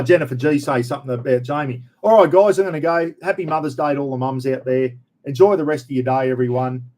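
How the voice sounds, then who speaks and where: Australian male host, middle-aged, slightly higher voice, blunt jokey rambling live chat. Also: darkish tone. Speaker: livestream host. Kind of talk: casual live chat reading comments.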